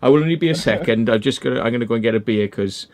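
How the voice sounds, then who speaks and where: A man's voice: medium pitch, rapid-fire, a little mellow. A man with an ordinary mid-range voice hosts a casual online chat. He rambles, trails off and jokes about his beer, dropping the odd swear word along the way. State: drinking beer. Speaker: host.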